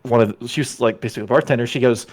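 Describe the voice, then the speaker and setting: A young man hosting a podcast, telling a story in casual chat, animated and swearing freely as he acts out the voices of the people in it. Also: mid-range voice, rapid-fire. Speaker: podcast host.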